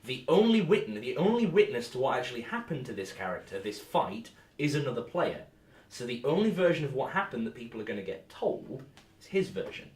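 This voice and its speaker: A young man co-hosting a casual podcast about tabletop games, animated and quick to act out his examples. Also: medium pitch. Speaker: podcast co-host and tabletop player. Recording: echoey room, far from the mic.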